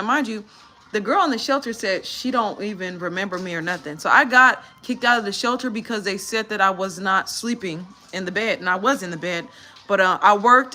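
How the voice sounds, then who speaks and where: A woman's voice: medium pitch, pushed and bright. A tired woman giving a candid live-stream testimony, telling her story animatedly and using church slang. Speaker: vlogger.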